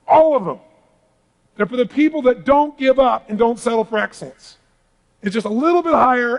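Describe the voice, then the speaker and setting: A middle-aged man giving an animated motivational seminar talk to a live audience in a large hall, calling for responses. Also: very high-pitched. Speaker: motivational speaker.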